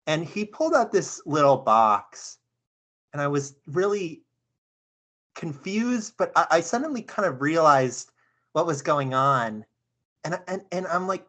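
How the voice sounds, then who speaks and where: A young woman earnestly retelling a dream on a video call, halting, with many fillers and restarts. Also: deep voice, animated, a bit bright. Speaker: session participant.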